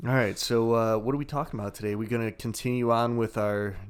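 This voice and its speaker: A man's voice: mid-range voice, steady tone, clear, resonant tone. A young man hosting a podcast in casual, loose chat, swearing freely and laughing easily. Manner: loose, profane and quick to laugh. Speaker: podcast host.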